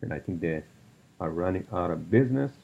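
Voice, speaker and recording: A man's voice: deep voice, lively intonation, fairly quick, vocal fry, dark tone, lo-fi sound, slight background noise. A man hosting a solo podcast, rambling through topics with lots of fillers and profane rants. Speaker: podcast host.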